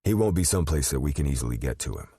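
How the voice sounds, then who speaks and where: A man voicing a cold, composed male assassin in an audiobook, speaking in calm, clipped lines. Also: rumbling low, rapid-fire, breathy edge, no echo, studio quality, full character voice. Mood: matter-of-fact. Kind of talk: audiobook character voice.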